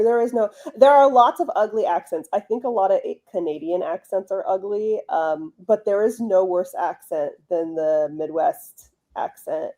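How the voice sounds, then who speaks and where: A woman's voice: medium pitch, warm tone. A woman hosting a casual livestream chat, blunt, profane and joking. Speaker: host.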